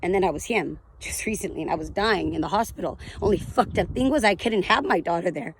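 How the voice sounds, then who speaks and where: A woman's voice: fairly low pitch, fast, slight background noise. A woman in her thirties candidly telling her addiction and recovery story in a raw, blunt, emotional way, swearing freely. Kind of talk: candid testimonial vlog.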